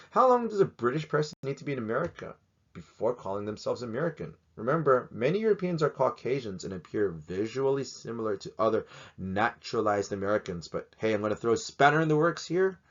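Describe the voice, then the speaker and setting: A man teaching a casual video lesson, joking and rambling as he poses question after question, in a slightly dull lo-fi recording. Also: medium pitch.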